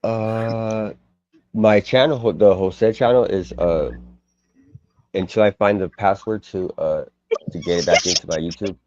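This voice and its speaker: A man chatting casually on a live stream, rambling and sweary, with halting restarts, over a video call mic. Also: fairly low pitch, fairly even intonation, a little mellow. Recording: dull lo-fi stream audio.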